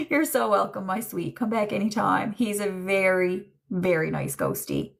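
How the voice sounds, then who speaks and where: Woman, livestream psychic host, casual and chatty, frequent laughs, creaky voice. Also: mid-range voice, very animated, slow. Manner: chatty, relays messages in quotes, laughs often. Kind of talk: live-streamed spirit and tarot reading.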